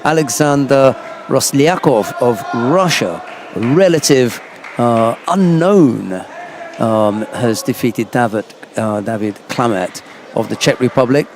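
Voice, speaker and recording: A man's voice: mid-range voice, expressive, slow, background noise. Chatty male judo commentator. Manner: chatty, anecdotal. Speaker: sports commentator. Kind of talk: live sports commentary.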